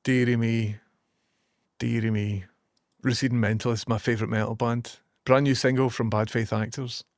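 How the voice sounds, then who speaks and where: Chatty Scottish man, sweary and animated. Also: medium pitch, moderate pace, no echo, clean studio sound. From Scotland. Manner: animated, swearing, reads out chat messages. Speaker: streamer. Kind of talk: casual chat to stream chat.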